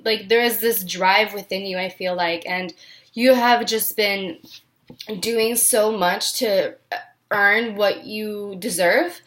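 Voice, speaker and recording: A woman's voice: medium pitch, a bit bright. Earnest, filler-heavy woman reading tarot. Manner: earnest and encouraging, filler-heavy with many restarts. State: near tears, voice catching. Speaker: tarot reader. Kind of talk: casual tarot reading to camera.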